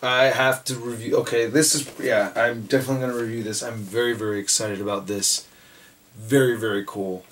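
A man with a hoarse, raspy voice, chatting excitedly and rambling as he unboxes toys for his channel. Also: medium pitch, fairly quick, slight background noise. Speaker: toy reviewer. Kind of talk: casual unboxing chat.

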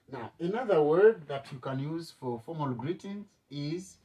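Slow-talking man teaching a language lesson. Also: a little high, animated, warm tone, distant mic, faint music behind. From East Africa. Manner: slow, repeats words for learners to echo.

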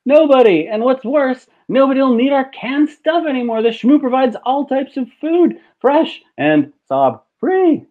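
A gloating, greedy factory owner, read by a man in a hammy comic style. His voice sits a little high and comes through a tinny, phone-like video call line. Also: lively intonation, normal speed. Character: greedy gloating male industrialist.

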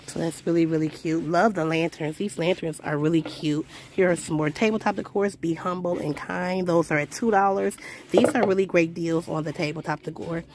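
Woman vlogger, enthusiastic repeater, lowish voice with some fry, shot on a phone in a store aisle. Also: moderate pace, darkish tone, slight background noise. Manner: gushing, upbeat, repeats "love, love, love". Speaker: shopping vlogger. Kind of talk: casual store haul walkthrough. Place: inside a discount store.

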